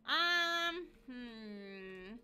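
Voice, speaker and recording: Lively high-voiced streamer woman. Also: drawn-out words. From United States. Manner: animated, giggly and blunt, swears freely. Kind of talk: casual gaming livestream chat.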